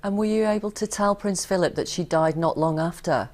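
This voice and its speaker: A woman's voice: fairly low pitch, a little fast, a little mellow. A woman news presenter hosting a live broadcast interview, asking direct questions.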